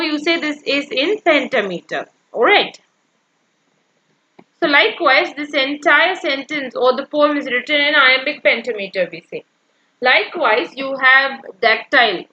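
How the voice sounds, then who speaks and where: A woman's voice: sits high, pushed and bright, highs cut off, a little hiss or hum. A woman teacher explaining poetic meter in an exam-prep lecture, checking in with "yeah" and counting out the feet aloud. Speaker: English literature teacher.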